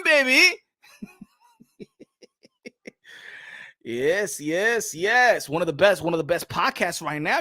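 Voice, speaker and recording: Boxing host, male, Dominican accent, rowdy and joking, bright and forceful voice. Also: sits high, dry recording, clean studio sound. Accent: Dominican Spanish. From Dominican Republic. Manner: playful, loud, switches between English and Spanish, laughs often. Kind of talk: casual live-stream chat.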